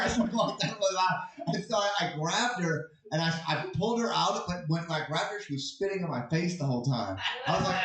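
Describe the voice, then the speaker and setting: A man with a high, bright voice tells a stand-up story in an echoey club. He acts out shouted lines and laughs along, with a crowd audible around him. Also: brisk. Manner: animated, acts out shouted quotes, laughs at his own story. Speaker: stand-up comedian. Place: comedy club with a live audience.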